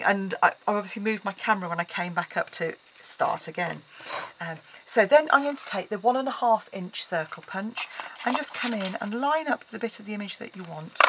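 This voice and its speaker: A woman explaining a card-making project in a casual tutorial, chatting as she works with frequent ums. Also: medium pitch. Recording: loud background noise.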